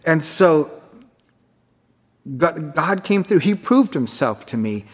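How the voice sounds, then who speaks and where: A man's voice: a little high, sing-song, takes it slowly. A man preaching a sermon as pastor, emphatic, with rhetorical questions. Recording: echoey hall with long reverb.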